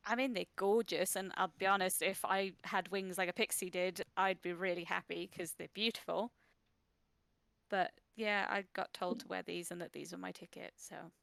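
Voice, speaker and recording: A woman playing a tabletop role-playing game, animated and slipping into character voices as she chats. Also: fairly low pitch, normal speed, vocal fry, no room sound. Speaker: player.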